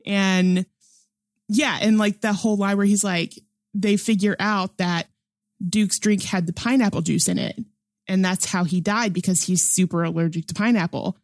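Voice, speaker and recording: A woman's voice: medium pitch, fairly even intonation, moderate pace, no room sound, studio quality. A young adult woman chatting casually about a movie, enthusiastic and laughing often, with lots of fillers. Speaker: film discussion panelist. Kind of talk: casual film review chat.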